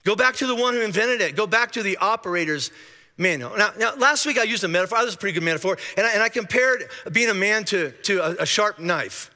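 A man's voice: high-pitched, expressive, fast talker, sharp tone, in a large hall. A male pastor preaching a sermon in a chatty, joking way, often restarting his sentences, heard in a church auditorium. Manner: conversational and joking, with frequent restarts.

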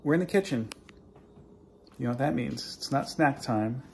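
Filming himself by hand on a phone in his kitchen, a man runs a casual cooking vlog at normal speed, his medium-pitched voice showing vocal fry. The background is noisy, and he keeps up self-deprecating jokes and chatty asides.

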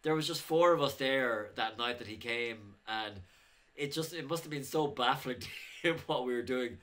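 A man with a bright, forward voice chats casually on his filmmaking vlog. He wanders through rambling anecdotes, chuckling often and leaning on plenty of "uh"s and restarts. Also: medium pitch, normal speed. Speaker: indie filmmaker.

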